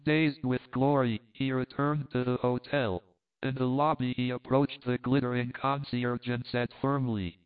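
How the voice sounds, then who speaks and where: A man narrating a novel aloud in a measured, even storytelling manner, heard through a tinny phone-like sound. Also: medium pitch, smooth. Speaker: audiobook reader. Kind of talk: scripted narration.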